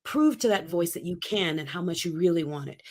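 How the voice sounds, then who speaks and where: A woman's voice: on the low side, lively intonation, brisk. A woman in her fifties, a guest speaking coach, talking in punchy, emphatic motivational bursts. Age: 50s. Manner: emphatic, punchy short phrases. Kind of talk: energetic motivational interview talk.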